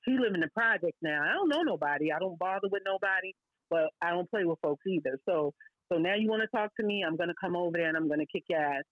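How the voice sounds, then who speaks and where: New woman, podcast guest, blunt and lively storyteller, dry and muffled lo-fi sound. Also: fairly low pitch, fast talker, no room sound. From Brooklyn, New York. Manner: lively, blunt, heavy slang and asides.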